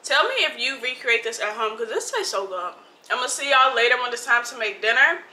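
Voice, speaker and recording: A woman's voice: fairly high pitch, expressive, brisk, bright, forceful tone, echoey room, low-quality recording. A young woman chatting casually to her viewers while cooking and eating in her home kitchen, playful and talkative, recorded on a phone. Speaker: food vlogger. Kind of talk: casual vlog chat. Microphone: phone camera.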